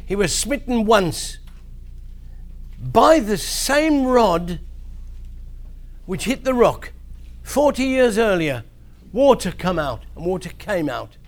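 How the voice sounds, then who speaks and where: A man preaching to children, telling a Bible story in an animated way with big swings in his voice. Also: sits high.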